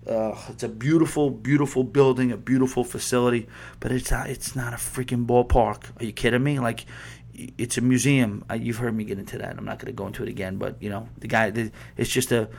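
A man's voice: mid-range voice, fairly even intonation, fairly quick, creaky, darkish tone, slightly rough. A man hosting a sports podcast, ranting in a heated, profane, rambling way full of restarts and asides. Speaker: podcast host. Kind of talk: casual sports podcast rant.

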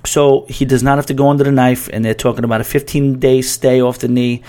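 A man hosting a casual podcast, talking loosely and at length. He rambles, breaks off mid-sentence and starts over, and reads listener emails aloud. His pitch sits right in the middle for a man. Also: little pitch movement, a little fast, a little mellow. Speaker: podcast host. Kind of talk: casual sports talk.

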